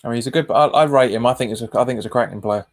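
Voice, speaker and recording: Racing along in a mid-range voice, a man hosts a live football watch-along stream, narrating passes and chatting informally with his audience while repeating himself a lot.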